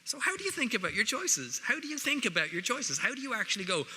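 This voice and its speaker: A man's voice: very high-pitched, very animated, fast talker, sharp tone, slightly rough. Wry Irish man in a large hall. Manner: wry, conversational, jokey asides. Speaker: guest speaker. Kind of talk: public speech to students. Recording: reverberant hall, faint noise.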